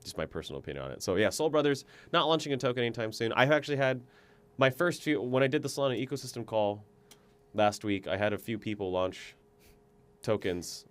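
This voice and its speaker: A man co-hosting a podcast, giving his opinions in an animated, casual way, often restarting his sentences. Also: mid-range voice, brisk, smooth. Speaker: podcast co-host. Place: podcast booth at a conference office.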